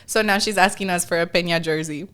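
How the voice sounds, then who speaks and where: A woman's voice: fairly low pitch, quick pace, fairly bright tone, clear, resonant tone. A woman co-hosting a podcast in casual chat, laid-back, saying "dude" a lot and mixing in Spanish. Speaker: podcast co-host.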